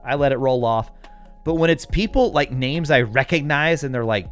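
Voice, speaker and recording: A chatty American man hosting a live stream in an easygoing, mid-pitched voice. He answers viewers' comments one after another with a relaxed chuckle. Faint music plays underneath. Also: normal speed. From United States. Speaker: livestream host. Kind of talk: casual live-chat talk.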